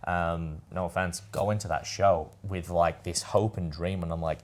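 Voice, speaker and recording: Brief: low-pitched male podcast host, casual and meandering, swears freely. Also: steady tone, moderate pace. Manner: rambling, loose, repeats "anyway" and "I said". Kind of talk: casual storytelling chat.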